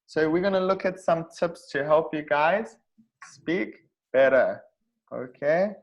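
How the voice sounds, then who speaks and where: Slow, patient male English teacher. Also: on the high side, lively intonation, highs cut off. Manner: patient, repetitive, checks understanding with "okay?". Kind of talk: online class teaching.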